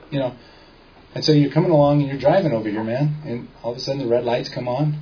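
A man's voice: mid-range voice, quick pace, dark tone, muffled recording. Man giving a casual seminar talk. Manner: conversational, checks in with the audience. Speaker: seminar speaker. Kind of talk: informal lecture to a small audience.

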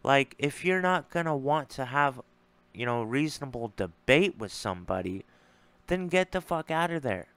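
A man's voice: medium pitch, animated, normal speed, a bit bright, clear, resonant tone, dry recording. A man ranting bluntly and with profanity in a casual monologue, frustrated and repeating himself as he responds to an argument. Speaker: streamer responding to a debate.

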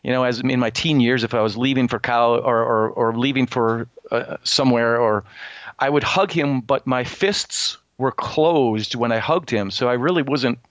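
Earnest, halting middle-aged man. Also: medium pitch, a bit bright, no room sound. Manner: earnest, halting, many restarts and fillers. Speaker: guest. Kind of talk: interview, personal testimony. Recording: slightly dull, lo-fi sound.

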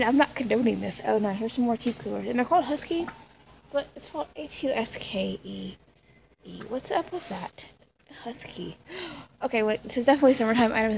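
Gravelly-voiced woman vlogging in a store. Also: a little high, darkish tone. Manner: chatty, rambling, jokey asides. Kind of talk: casual store walkthrough vlog. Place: big retail store, indoors. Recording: noisy store background.

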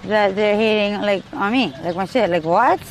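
A woman's voice: mid-range voice, normal speed. Rambling woman on a noisy street. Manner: rambling, restless, swinging between loud and quiet. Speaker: interviewee. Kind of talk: street interview. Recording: noisy outdoor street recording.

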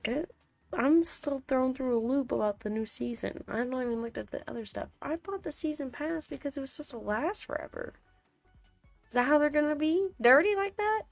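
A woman's voice: sits high, lively intonation, fairly quick, gravelly, no echo, soft background music. A woman streaming a game, muttering to herself in casual chatter and breaking into sudden frustrated outbursts.

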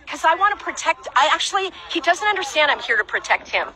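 A woman's voice: sits high, very animated, fast talker, sharp tone, low-quality recording. A woman lecturing insistently in an argument, stammering now and then.

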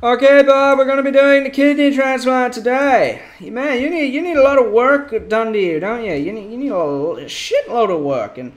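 A man playing a video game and commenting, doing a bad put-on action-hero movie star accent, mock-heroic and prone to swearing and yelling outbursts. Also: very high-pitched, moderate pace, hardly any pauses. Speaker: gamer. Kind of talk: let's play commentary.

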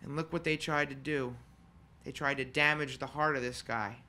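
A man serving as funeral celebrant, giving an earnest, heartfelt eulogy in a conversational manner with pauses. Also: medium pitch, steady tone, sharp tone. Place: funeral home chapel.

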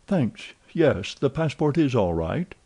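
A man voicing an excitable, talkative young French manservant in an audiobook, eager and full of exclamations. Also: mid-range voice, takes it slowly, slightly rough, pitched above the performer's own voice, full character voice. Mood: excited chatter.

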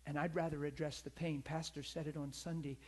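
A man's voice: on the high side, level tone, a little fast, husky. A middle-aged man preaching a sermon in a conversational, storytelling way, calling out to his congregation.

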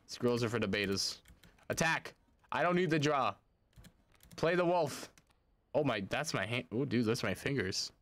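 A man streaming a video game, talking casually in an excitable, profane way. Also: medium pitch. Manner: excitable and profane, quick to swear. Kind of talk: casual gaming commentary.

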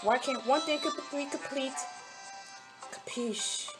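Young woman, slightly high voice, rambling and easily irked, casual gameplay chatter, faint music bed. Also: expressive, moderate pace. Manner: rambling, talks to game characters, easily frustrated. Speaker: mobile game channel host.

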